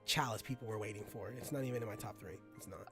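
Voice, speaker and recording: A man hosting a casual podcast chat, talking in an animated, slangy way and letting his phrases trail off low. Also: fast talker, soft background music. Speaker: podcast host.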